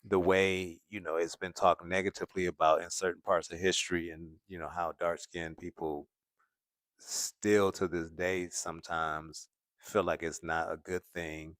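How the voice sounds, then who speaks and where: Brief: male stream host with a very low voice and a dry, close sound. Relaxed, musing, laughs a lot. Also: normal speed, no echo. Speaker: commentary channel host. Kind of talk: casual livestream chat reading viewer comments. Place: home in California.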